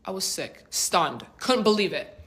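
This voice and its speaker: Young woman spilling a storytime, bright voice, slangy and dramatic. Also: mid-range voice, lively intonation, unhurried. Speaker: vlogger. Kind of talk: storytime vlog.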